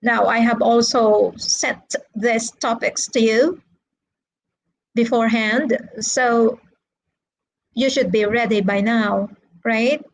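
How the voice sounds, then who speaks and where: A woman's voice: a little high, steady tone, poor audio. A woman teaching an English lesson in a live-streamed online class, patient and checking in with her students often. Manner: slow, patient, checks in with frequent "okay" and "right".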